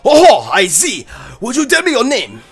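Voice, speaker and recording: A man's voice: fairly high pitch, huge pitch swings, very fast, vocal fry, a little mellow, pitched below the performer's own voice, exaggerated voice. A man voicing a cheerful, flamboyant male Pokémon professor in a made-up foreign accent, reading game lines theatrically. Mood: grandly welcoming.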